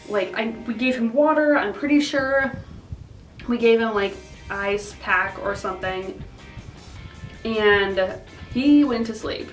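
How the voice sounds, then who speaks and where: A young woman vlogging a casual storytime, animated and full of "like", acting out what people said. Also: medium pitch. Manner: animated, quotes people in put-on voices, heavy use of "like". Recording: roomy echo, somewhat far from mic, faint music.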